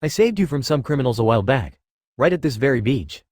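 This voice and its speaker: A man's voice: mid-range voice, big pitch swings, fast talker, darkish tone, no room sound, studio quality. Man voicing a curt young masked vigilante. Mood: impatient. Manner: impatient, blunt. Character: young masked male vigilante, impatient and awkward.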